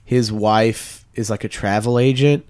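A man's voice: lowish voice, unhurried. A young man in a studio, telling a funny story in casual chat, acting out voices and laughing often. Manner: animated, acts out voices in his stories, laughs often. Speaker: comedian guest. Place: radio studio.

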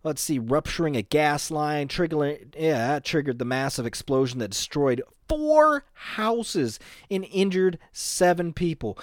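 A man's voice: on the high side, big pitch swings, a little slow, few pauses, dry recording, studio quality. A man talking casually and crudely, rambling and laughing often.

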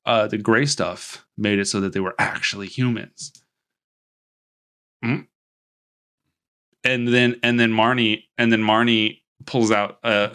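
A man's voice: lowish voice, pushed and bright. A man casually recapping a movie plot on a podcast, rambling with restarts and laughing at his own jokes. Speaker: podcast host.

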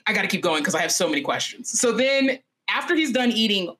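A young adult woman hosting a podcast who tells a dark fairy tale in an animated, profane, chatty way. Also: mid-range voice, fast, a crowd in the background. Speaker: podcast host. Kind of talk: comedic storytelling.

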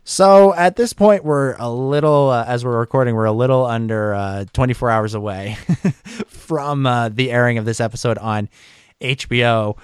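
A man co-hosting a casual podcast chat, his speech full of fillers and restarts. His voice sits at an ordinary pitch and sounds close and dry, with no room around it. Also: normal speed, smooth, no room sound, soft background music. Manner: hesitant, many fillers and restarts. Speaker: podcast co-host. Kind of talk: casual discussion.

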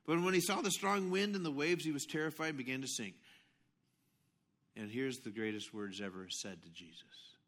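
A middle-aged man preaching a sermon as pastor, telling stories with animated swings between hushed asides and loud outbursts. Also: fairly high pitch, normal speed.

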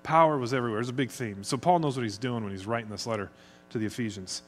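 A man's voice: medium pitch, racing, slight background noise. A middle-aged man from the United States, preaching a conversational sermon as pastor. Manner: conversational, chatty, speeds up when excited.

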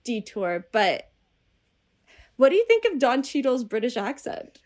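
A woman chatting casually about movies with friends, animated and full of "like" fillers. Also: on the high side, measured pace.

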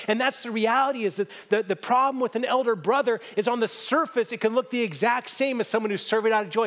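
A man's voice: high voice, fairly bright tone. A man preaching a sermon as a pastor, telling stories in an earnest, conversational way.

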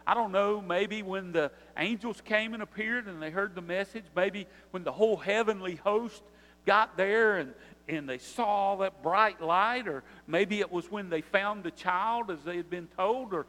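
A man's voice: sits high, unhurried, sharp tone, in a large hall. An older man, preaching a sermon with rising emphasis and repetition. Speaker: pastor.

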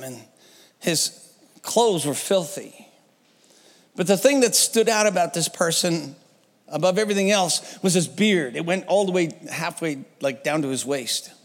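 A man preaching a sermon as pastor, telling a story with lively swings in pitch and frequent restarts. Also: big-room sound. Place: church sanctuary.

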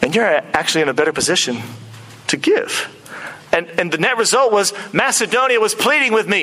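A man preaching a sermon in an animated, conversational way, often acting out quoted speech. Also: high voice, a little fast, poor audio. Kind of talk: expository sermon.

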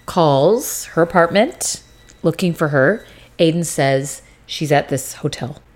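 A young adult woman with a deep voice speaks slowly as a podcast co-host. In casual chat she recaps a TV series, retelling it animatedly and acting out scenes with swearing.

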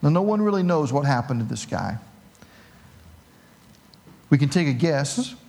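Animated middle-aged male pastor preaching. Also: fairly high pitch, a little slow, gravelly. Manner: animated storytelling with self-mocking humor. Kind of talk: sermon.

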